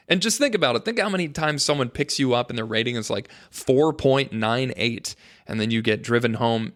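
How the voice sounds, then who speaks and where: A man's voice: mid-range voice, a bit bright. A man hosting his own podcast alone, talking in a rambling, joking way with mock-dramatic asides to his listeners. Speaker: podcast host. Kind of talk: casual solo podcast monologue.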